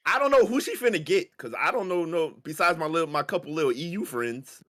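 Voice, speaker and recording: A man co-hosting a casual gaming podcast, excitable, self-mocking and swearing freely. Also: a little high, fairly quick. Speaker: podcast co-host.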